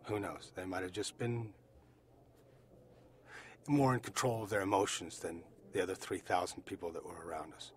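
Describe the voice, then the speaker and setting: An American man recounting his own experience as an eyewitness, speaking deliberately and repeating phrases for emphasis. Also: deep voice, steady tone, slight background noise. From United States. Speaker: eyewitness survivor. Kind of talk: personal testimony.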